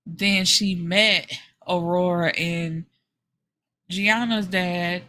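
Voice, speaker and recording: A woman with a bright, forward tone talks through a novel's plot on her book podcast. She is animated and frank, drops into the characters' lines as she tells it, and swears casually along the way. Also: lowish voice, extremely slow, slight background noise. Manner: animated storytelling, slips into character quotes.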